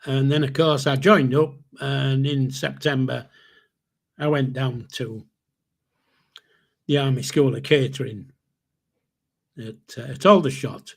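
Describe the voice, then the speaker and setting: Husky older man telling stories. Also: mid-range voice, fairly even intonation, slow pace, long pauses. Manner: rambling, with restarts and chuckles. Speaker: podcast host. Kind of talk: casual storytelling.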